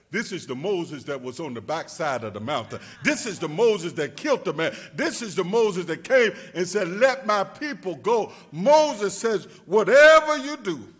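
A male pastor preaching a sermon, rising to shouts and dropping to a hush, repeating words and calling out to his congregation. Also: slightly rough. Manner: rising to shouts then dropping low and quiet.

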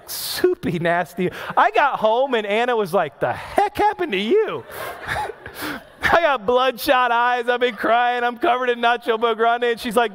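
A man in his thirties, a pastor preaching a sermon, telling a personal story with animated, self-mocking asides. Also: very high-pitched, slight background noise.

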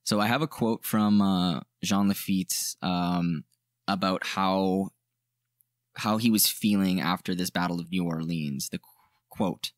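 A man's voice: sits low, steady tone, unhurried, no room sound, clean studio sound. A man co-hosting a podcast, telling history in a rambling, jokey way with lots of fillers. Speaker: podcast co-host. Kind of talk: casual history chat.

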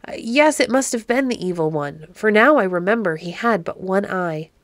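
A woman's voice: mid-range voice, expressive, moderate pace, no room sound, close to an everyday voice. A woman voicing a frightened young castle serving girl in a storybook read-aloud, her voice trembling. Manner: trembling, breathless.

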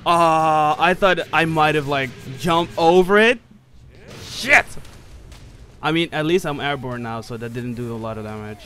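A man giving casual live commentary while playing an online fighting game, excitable, swearing and laughing often, with sudden yelps. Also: fairly high pitch, moderate pace, few pauses, soft background music.

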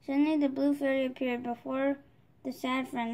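A woman reading a children's storybook aloud, steady, with small restarts. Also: high voice, moderate pace. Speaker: storybook reader.

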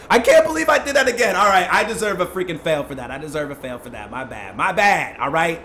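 A young man giving live gameplay commentary as a streamer, excitable, breaking into yells and laughs. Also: fairly high pitch, fast, hardly any pauses, a little hiss or hum. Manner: excitable, yelling and laughing in bursts. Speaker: gaming streamer.

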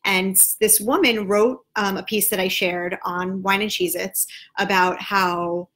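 A woman's voice: medium pitch, steady tone, fairly bright tone. Chatty woman co-hosting a live stream. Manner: chatty, quick, filler-heavy. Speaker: co-host of a parenting show. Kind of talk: casual live-stream chat.

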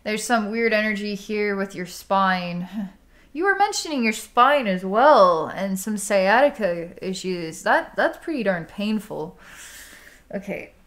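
A woman psychic healer talks a client through an energy healing session in a loose, chatty way. Her speech is full of "like", with laughs and sighs in between. Her voice sits at an ordinary middle pitch. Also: animated, unhurried, a bit bright. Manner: casual and chatty, heavy use of "like", frequent laughs and sighs.

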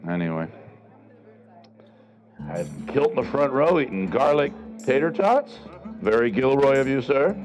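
A man's voice: medium pitch, very animated, moderate pace, darkish tone, faint music behind, low-quality recording. A middle-aged man performing a live outdoor comedy show at a renaissance fair, teasing the audience with sarcastic banter and calling people over. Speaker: street comedian and juggler.

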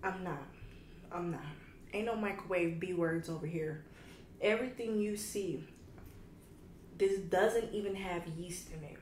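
Eating on camera, this young woman in her twenties talks straight to viewers in candid slang. Her medium-pitched voice runs a little slow, and the camera mic in a roomy room catches faint background ambience plus a little hiss or hum.

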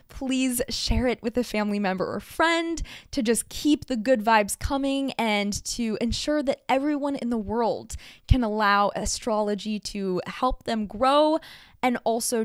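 A young woman hosting a solo podcast, talking fast and bubbly with frequent laughter. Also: medium pitch, clear, resonant tone, no echo, studio quality. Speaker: podcast host.

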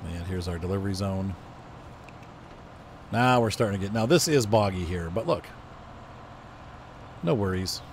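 Against a noisy background, a man with a deep voice and lively intonation streams a game at a moderate pace, pausing often. His voice is stuffy from allergies, and his casual commentary rambles as he thinks aloud while driving and self-corrects.

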